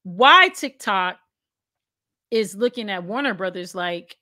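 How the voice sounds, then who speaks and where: A woman co-hosting a casual conversation, chatty and quick to laugh, filling her sentences with "like.". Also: medium pitch, animated, bright, forceful tone, no echo, studio quality. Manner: chatty and laughs often, heavy use of "like".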